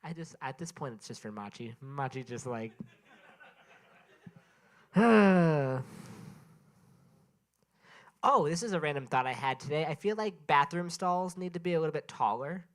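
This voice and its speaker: A man's voice: fairly high pitch, expressive, unhurried, pauses often. A man doing a stand-up set at an open mic in a small venue, sleep-deprived and rambling, breaking off to chat with the crowd. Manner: rambling, self-interrupting, chatting with the crowd.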